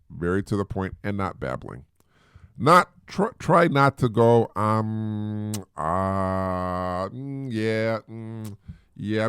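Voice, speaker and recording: Gravelly middle-aged man giving chatty advice. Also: on the low side, dry recording, studio quality. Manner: chatty, repeats words, mimics voices for effect. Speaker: podcast host. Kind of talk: casual advice talk.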